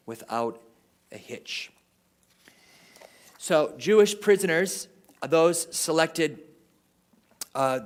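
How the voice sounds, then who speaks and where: A man giving an informal history lecture at a parish, talking off the cuff and often ending sentences with "right?". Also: mid-range voice.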